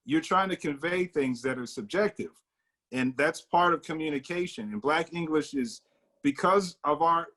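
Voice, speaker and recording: An American man talking through his ideas in a relaxed group discussion. His voice sits a little on the high side, and he explains earnestly and at length, building his points as he goes. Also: normal speed. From United States. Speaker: discussion participant.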